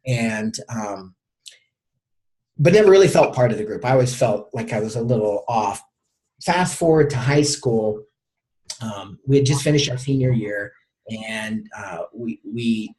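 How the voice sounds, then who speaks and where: A man's voice: mid-range voice, darkish tone. A middle-aged man, a coach, telling a personal story as a guest in an interview, often stumbling and repeating his words.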